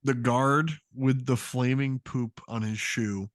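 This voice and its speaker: Halting male game master, dry mic. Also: mid-range voice, steady tone, no echo. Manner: casual, halting. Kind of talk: narrating a tabletop game.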